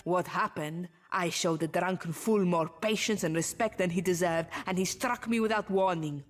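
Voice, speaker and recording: An actress voicing a tired, stern town watch commander who speaks in a curt, measured way. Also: female voice, fairly low pitch, soft background music, close to an everyday voice. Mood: weary. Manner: curt, measured, weary authority.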